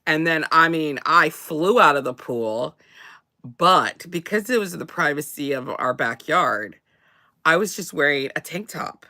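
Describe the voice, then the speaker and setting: Woman chatting over morning coffee, bright clear tone, lots of restarts and laughing. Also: low voice, lively intonation, unhurried. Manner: rambling with many restarts and laughs. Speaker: co-host. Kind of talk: casual chat.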